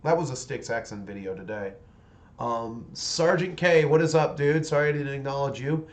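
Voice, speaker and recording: A man's voice: medium pitch, normal speed. A man in his forties chatting casually on a livestream while painting miniatures, rambling along with many restarts.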